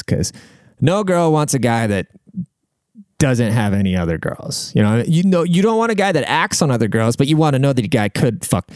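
A young man hosts an advice podcast, reacting to listener letters in a crude, blunt, emphatic rant full of swearing. His voice sits at medium pitch, a little mellow and smooth. The recording is studio quality with no echo.

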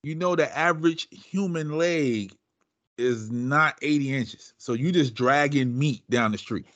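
A man hosting a podcast, talking casually, animated and teasing his guests. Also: fairly high pitch, unhurried, no room sound. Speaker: podcast host.

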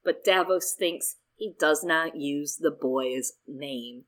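Woman, low-mid voice, casual swearing podcast recapper who acts out the dialogue. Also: slow, poor audio. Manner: lively, profane, acts out characters' lines.

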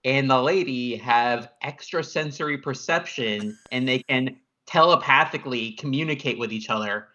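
A man's voice: mid-range voice, normal speed, hardly any pauses, sharp tone. A man co-hosting a podcast, recapping a movie plot in a laid-back way with lots of fillers. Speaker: podcast co-host. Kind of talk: casual movie review chat. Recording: dull lo-fi sound.

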